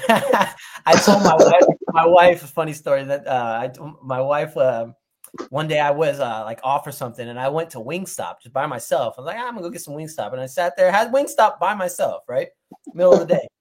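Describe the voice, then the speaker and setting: A man's voice: a little high, expressive, a little fast. A man telling loose, profane stories in casual chat, acting out what others said. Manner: loose storytelling, acts out quotes, swears freely.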